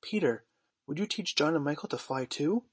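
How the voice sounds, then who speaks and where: A man's voice: a little high, lively intonation, moderate pace, husky, no room sound. A man reading aloud voices an eager, motherly young girl with breathless, pleading exclamations. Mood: excited.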